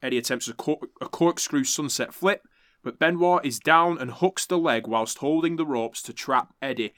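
A man's voice: medium pitch, moderate pace, a bit bright, dry recording, studio quality. A man hosting a podcast, recapping events in a chatty, laughing way and swearing freely. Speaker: podcast host. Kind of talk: casual recap commentary.

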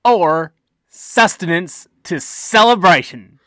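Playful woman co-host, unhurried, dry close sound. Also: lowish voice, animated, a bit bright, no echo. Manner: playful, slips into a hillbilly drawl. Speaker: podcast co-host. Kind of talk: casual chat.

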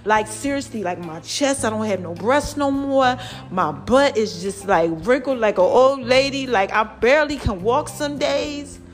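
A woman's voice: fairly high pitch, expressive, unhurried, soft background music. A woman vlogger, talking casually and animatedly to her viewers, calling them y'all and child, with a preachy testimonial tone. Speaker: vlogger sharing a health testimony.

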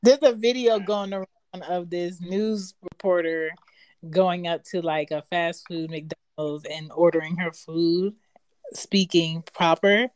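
A woman co-hosting a podcast, with a slightly low voice, tells animated stories and laughs often. The sound is dry and close. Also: measured pace, dry recording. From moved to Atlanta as a teen. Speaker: podcast co-host. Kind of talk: casual chat.

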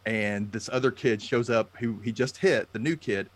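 A man in casual chat, excitable and leaning on "you know" as he talks. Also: lowish voice, normal speed.

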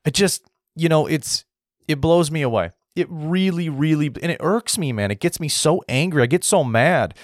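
An American man giving a heated opinion monologue to his viewers, restarting sentences, clearing his throat often and tagging his points with "right?". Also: on the high side, animated, moderate pace, no echo, clean studio sound. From United States. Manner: heated, repetitive, frequent "right?" tags and restarts. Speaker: political commentary host.

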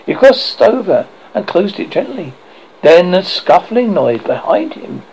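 A man reading a horror story aloud as host, with a dramatic, expressive delivery. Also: high voice, a little slow, gravelly, a little hiss or hum. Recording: dull lo-fi recording.

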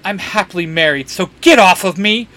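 Flamboyant, protective warlock, read by a man, theatrical and sharp-toned. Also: fairly high pitch, expressive, normal speed. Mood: indignant. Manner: theatrical, teasing.

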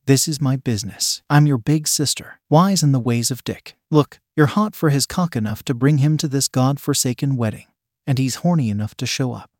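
A man's voice: mid-range voice, moderate pace, darkish tone, no echo, studio quality, natural voice. A man voicing a bossy, brazen older sister. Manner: brazen and commanding. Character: bold, teasing young woman, bossy older sister.

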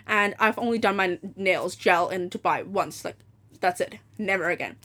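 A woman talking into her podcast mic in a loose, chatty rant. She is blunt and swears freely, and she slips into quick impressions of the people in her story. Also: lowish voice, pushed and bright. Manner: blunt and profane, acting out quoted people. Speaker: podcast host.

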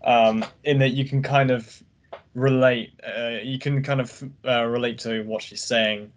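Man, podcast co-host, laid-back, hesitant, hedging, casual film talk, mid pitch. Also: steady tone, a little slow, highs cut off. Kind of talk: casual film review chat.

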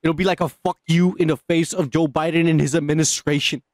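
A man's voice: a little high, brisk, no room sound, studio quality. A man co-hosting a podcast, telling rambling, profane stories in casual banter. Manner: profane, rambling, animated storytelling. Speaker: podcast co-host.

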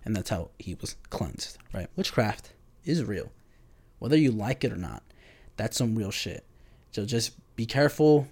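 Man, twenties, casual storytelling, profane, filler-heavy, animated. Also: mid-range voice. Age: 20s. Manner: animated, acts out his own reactions.

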